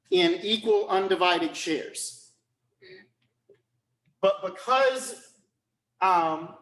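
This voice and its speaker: A man's voice: high-pitched, fairly bright tone, reverberant. A man lecturing on law, explaining step by step and often checking whether students follow. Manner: checks understanding often, repeats phrases.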